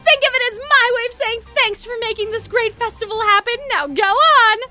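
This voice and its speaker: A woman's voice: very high-pitched, brisk, sharp tone, faint music behind, full character voice. A woman voicing an ancient, mischievous fae man with a youthful voice and old-fashioned, theatrical speech. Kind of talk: voicing game dialogue aloud.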